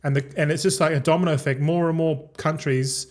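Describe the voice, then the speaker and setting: Ranting man, a bit high-pitched. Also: steady tone, fairly quick. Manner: rambling, profane, fired-up ranting. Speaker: game streamer. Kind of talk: casual stream chat.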